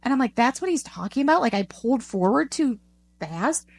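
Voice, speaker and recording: A middle-aged woman chatting on a podcast, her voice sitting a bit high. She tells a story with animation and jumps up into exaggerated voices for the people in it. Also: fairly quick, creaky. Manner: animated storytelling, acts out voices with big pitch swings. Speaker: podcast co-host. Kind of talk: casual chat.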